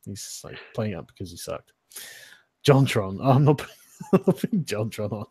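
Casual male stream host, husky, laughing and swearing, dry close sound. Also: on the low side, animated, moderate pace, dark tone, dry recording. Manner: laughing, swearing, loose and joking. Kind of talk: casual livestream chat.

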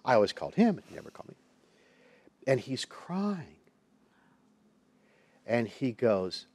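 A man tells a personal story in a studio interview, his voice at an ordinary middle pitch. He is lively and expressive, slipping into the voices of the people he quotes. The sound is dry and close, with no room echo. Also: measured pace, pauses often, husky. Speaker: Christian counselor and minister, guest.

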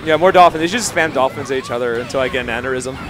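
A young man doing live, joking, profane commentary on a fighting-game match at a tournament, yelling at big plays. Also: medium pitch, very fast. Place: gaming tournament venue. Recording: live stream with crowd noise and music.

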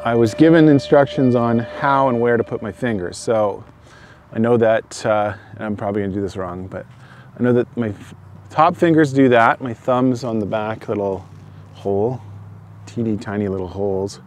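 In a casual solo vlog out in the open, a man with a fairly low, darkish voice attempts bagpipes for the first time at normal speed and a steady tone. He chuckles and pokes fun at himself while thinking aloud, with a little hiss or hum in the audio.

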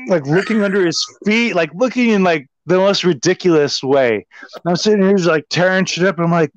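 Animated man telling a wild story. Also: sits high, brisk, no echo. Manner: animated, profane, heavy use of "like". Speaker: guest. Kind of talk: casual storytelling. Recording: slightly dull, dry sound.

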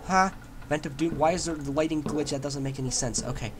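A man giving joking let's play commentary on a horror game, rambling along and breaking into loud yelps when scared. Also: fairly high pitch, brisk, over music. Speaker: gamer playing a horror game. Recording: noisy home recording.

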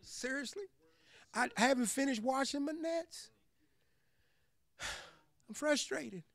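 A man preaching while acting out a tired, irritable fisherman who complains and yells to be left alone. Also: very high voice, creaky, no echo, studio quality, voice pushed up, heavily acted. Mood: grumbling. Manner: whiny, exasperated complaining, rising to yells.

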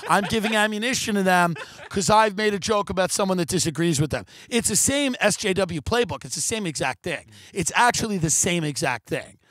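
A man's voice: high voice, expressive, fairly quick, a bit bright, dry recording. A man hosting a comedy podcast, delivering a profane, rambling, sarcastic rant and mocking his critics in put-on voices. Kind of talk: ranting comedic monologue.

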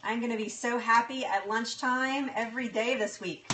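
Middle-aged woman, bright tone, laughing cooking host chatting live from her kitchen. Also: a little high, moderate pace, hardly any pauses, a little hiss or hum. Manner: chatty, laughs often, apologetic, stalls with fillers. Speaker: livestream cooking host and health coach. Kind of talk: casual live-stream chat while cooking. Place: home kitchen.

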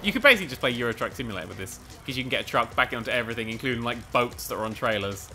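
Man, gaming commentary, bright and forceful, swings from mutters to yells, sweary, faint game music. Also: medium pitch, very fast. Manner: excitable, sweary, rambling and self-mocking. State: out of breath. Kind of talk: let's play commentary.

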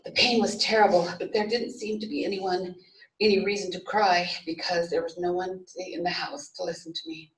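A woman reading a story aloud at a memorial service, in a steady storytelling manner with small restarts. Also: lowish voice, normal speed. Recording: echoey room, voice from far off.

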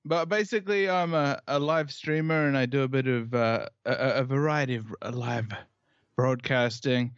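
A New Zealand man with a New Zealand accent speaks at normal speed in a smooth, mid-range voice; the audio is dull but has no echo. He's a podcast guest in a casual chat, playful and jokey, riffing on gags and repeating himself.

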